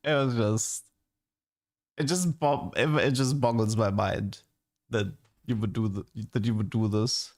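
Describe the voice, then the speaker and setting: Low and steady in tone, he speaks at a measured pace while streaming games. His casual livestream rant sounds exasperated and is packed with restarts and "like."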